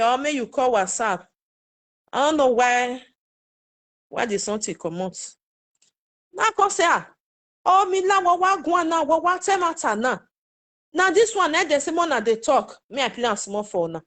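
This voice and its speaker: A woman with a Nigerian Pidgin accent and a slightly high voice talks straight to her online viewers. She is chatty and exclamatory, and her commentary stays loose and unscripted. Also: fairly bright tone. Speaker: social media commentator. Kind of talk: casual live commentary to viewers.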